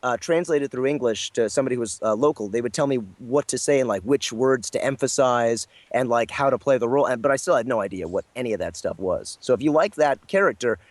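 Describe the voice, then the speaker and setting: A man in an interview chats through a long story about his own work, talking himself down and wandering with plenty of ums and uhs. His pitch sits in a middle range. The recording is dry and close. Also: fast talker, hardly any pauses, no room sound. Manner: rambling, self-deprecating, many fillers. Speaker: guest voice actor.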